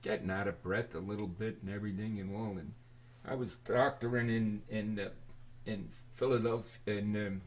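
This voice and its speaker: An older man telling a rambling personal story to his camera, halting and forgetful, with many restarts and fillers. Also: on the low side, steady tone. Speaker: video storyteller.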